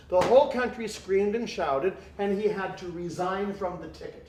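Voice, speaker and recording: A man's voice: sits high, normal speed, few pauses, darkish tone, slight background noise. A man, a priest giving an evening talk to a live audience, speaking in a wry, joking way with mock dialogue. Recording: echoey room.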